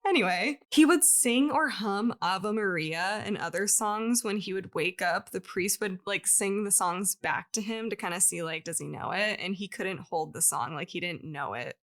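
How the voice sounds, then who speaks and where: A podcast co-host with a medium-pitched, fairly bright voice tells a story at normal speed with few pauses. Her casual chat is full of laughter, fillers, and plenty of "like."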